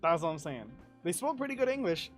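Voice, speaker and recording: A man's voice: high-pitched, a little fast, soft background music. A young man, a podcast guest, telling a travel story in casual chat, swearing freely and laughing as he talks. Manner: profane, animated, laughs through his story.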